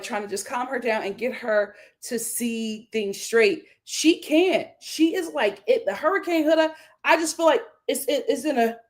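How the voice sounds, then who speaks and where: A woman hosting a live reality TV recap, animated and exclamatory, laughing often. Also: a little high. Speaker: reality show recap host.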